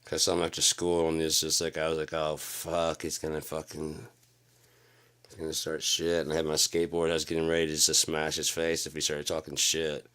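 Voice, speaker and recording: A middle-aged man with a very low, deep voice tells a story in a loose late-night monologue. His talk is profane and rambling, and he slips into the voices of the people in the story. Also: completely flat delivery, brisk, fairly bright tone. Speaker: channel host telling a story.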